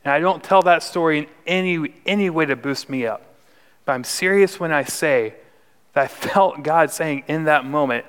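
A young man preaching a sermon in an animated storytelling way, with joking asides and repeated words. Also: a little high, moderate pace, clean tone. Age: young adult. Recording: echoey hall.

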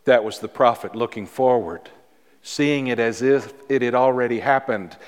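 A man pastor preaching a sermon in a church, with dramatic pauses and repeated words for emphasis. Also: medium pitch, big-room sound. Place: church sanctuary.

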